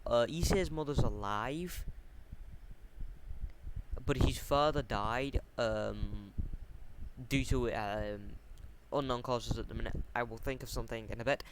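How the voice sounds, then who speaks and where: A man's voice: medium pitch, measured pace. A young man casually explaining a fan fiction plot, hesitant and full of ums and self-corrections. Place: warm room at home. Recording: steady fan noise at home.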